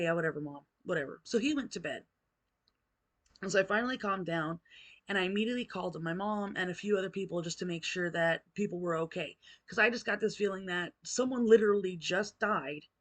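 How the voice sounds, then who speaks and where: A middle-aged woman vlogger telling a personal ghost story, candid and emotional, swearing casually. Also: medium pitch.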